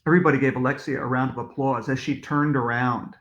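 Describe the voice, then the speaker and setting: A man's voice: mid-range voice, quick pace, muffled recording. Man reading a storybook aloud, echoey. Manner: lively, expressive storytelling. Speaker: author reading his book to children. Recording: echoey room.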